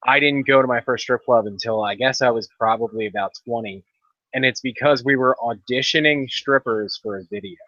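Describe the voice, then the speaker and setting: A man's voice: mid-range voice, brisk, bright, forceful tone, no room sound. A man on a casual podcast, telling a long story in a laid-back way with dry asides. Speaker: podcast co-host. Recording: dull lo-fi dry podcast audio.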